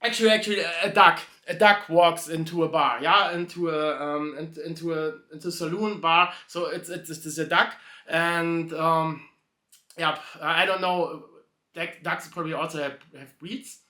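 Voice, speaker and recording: A man's voice: on the high side, fairly even intonation, moderate pace, pushed and bright, reverberant. A man telling a joke in a rambling, hesitant way, constantly correcting himself and restarting. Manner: hesitant, self-correcting, many fillers and restarts. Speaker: video host telling a joke.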